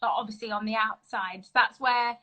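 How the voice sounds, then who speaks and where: A woman's voice: fairly high pitch, fairly even intonation, fairly quick, pushed and bright, low-quality recording. A young adult woman hosting a casual live-stream chat on her phone, chatty and enthusiastic. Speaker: livestream host.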